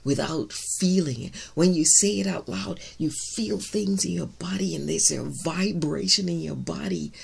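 Lady preacher, loud and emphatic, raspy gravelly voice. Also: on the low side, normal speed, few pauses. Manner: emphatic, says she is loud, shouts key words. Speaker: minister. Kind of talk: sermon.

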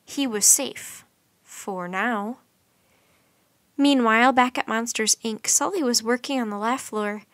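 A woman reading a children's bedtime storybook aloud in a lively, expressive way. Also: a little high, dry recording.

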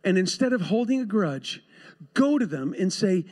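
A man with a notably high voice delivers a sermon to his congregation. His style is conversational, with quick asides and little acted exchanges. He sounds recorded in a church sanctuary. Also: sing-song, darkish tone. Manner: conversational preaching with asides and laughs. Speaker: pastor.

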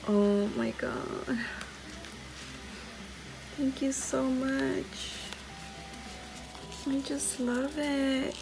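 A woman hosts a crafting video and opens a package of handmade paper goods, exclaiming with delight at each piece. Her voice sits a little high and her pace is slow and lingering. Soft music plays faintly behind her. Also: gravelly. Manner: gushing, excited exclamations. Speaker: crafting channel host. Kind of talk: unboxing happy mail.

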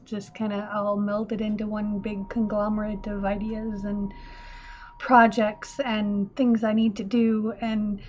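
A woman's voice: on the high side, darkish tone. Chatty woman rambling in a craft vlog. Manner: chatty, self-deprecating, lots of ums. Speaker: mixed media art vlogger. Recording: muffled lo-fi with faint room hiss.

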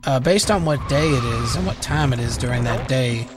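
A man's voice: mid-range voice, normal speed. A young man casually commenting on a video game as he plays, rambling and joking with lots of swearing. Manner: rambling, profane, jokey. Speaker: game streamer. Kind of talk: casual let's-play commentary. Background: game music.

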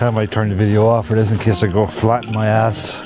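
A man's voice: fairly low pitch, level tone, brisk, background noise. A man vlogging outdoors on a winter hike, talking in a laid-back, rambling, self-mocking way while out of breath. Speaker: photography vlogger. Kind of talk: casual vlog commentary.

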